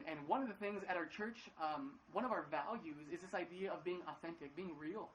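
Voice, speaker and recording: A man's voice: high-pitched, sharp tone, slight background noise, low-quality recording. A man preaching a casual livestream sermon from his living room, chatty and upbeat, with many fillers and restarts, acting out quoted lines in playful voices. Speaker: pastor.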